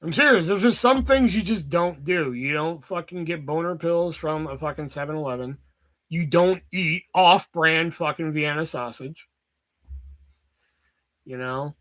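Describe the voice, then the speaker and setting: High, bright-voiced man ranting casually. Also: measured pace. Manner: rambling, profane, joking. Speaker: streamer. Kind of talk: casual chat. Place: basement at home.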